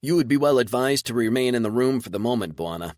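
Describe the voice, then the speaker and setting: A man voicing a loyal young male servant in an audiobook, calm and matter-of-fact. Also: mid-range voice, quick pace, dry recording, studio quality, pitched above the performer's own voice, close to an everyday voice.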